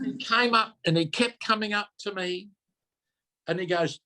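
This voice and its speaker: A man's voice: sits high, measured pace, long pauses, sharp tone. An older man, a minister telling a personal story in an earnest way, often repeating and correcting himself. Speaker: minister giving a talk.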